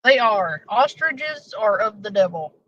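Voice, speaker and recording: A woman's voice: medium pitch, lively intonation, unhurried, a bit bright. A woman hosting a casual live stream, rambling and joking with plenty of swearing. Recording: dull lo-fi stream audio.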